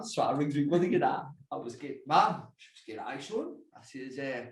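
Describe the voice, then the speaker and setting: A man's voice: medium pitch, expressive, fairly quick, few pauses, echoey room. A young Geordie man as a guest in a casual chat, laughing often and swearing freely. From North East England. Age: young adult.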